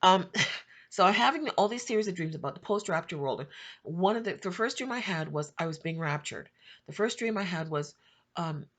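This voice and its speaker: A middle-aged woman giving an emotional personal testimony for her channel, repeating herself and rising to high pleading cries. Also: lively intonation, moderate pace, fairly bright tone. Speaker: Christian YouTube prophetic channel host.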